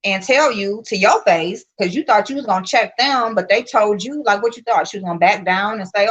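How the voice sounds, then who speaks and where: A woman hosting a livestream, telling a story in blunt, profane, animated casual talk. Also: mid-range voice, normal speed. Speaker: livestream host. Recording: muffled lo-fi stream audio.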